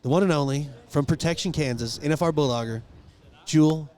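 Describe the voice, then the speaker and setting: A man's voice: a little high, a little fast. A man co-hosting a casual rodeo podcast, telling funny stories and acting out the quotes. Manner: animated joking storyteller, acts out quotes. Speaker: podcast co-host. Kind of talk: casual storytelling chat. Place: outdoors at a rodeo.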